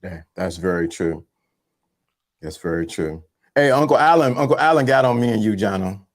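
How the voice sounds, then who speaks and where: A man's voice: lowish voice, normal speed. A man, co-hosting a podcast and telling stories while he acts out the voices of the people in them. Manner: animated storyteller acting out voices. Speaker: podcast co-host. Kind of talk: casual storytelling chat.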